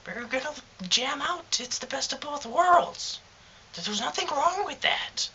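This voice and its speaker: A man voicing a high-pitched, naive, rambling man caught in a sting for a comedy sketch. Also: lively intonation, measured pace, creaky, bright, forceful tone, slight background noise, heavily acted, poor audio. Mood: chirpy. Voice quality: high-pitched, nasal whine.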